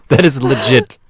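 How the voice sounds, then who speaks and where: A man co-hosting a student comedy radio show, easily amused and telling jokes in casual banter. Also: mid-range voice.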